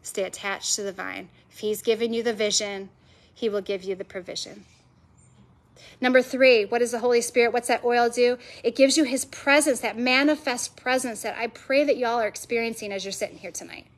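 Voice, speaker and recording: A woman's voice: a little high, steady tone, fairly quick. A woman preaching a sermon to a live audience, passionate and emphatic, stacking repeated phrases. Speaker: women's ministry speaker. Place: event venue with a live audience.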